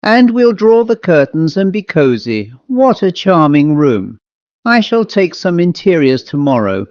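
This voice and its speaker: A brisk, self-assured male medium from a ghost storybook, as a male reader plays him. He speaks crisply and chattily, pitched a little above the reader's own voice. The recording is dry and somewhat muffled. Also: very animated, a little mellow, no room sound.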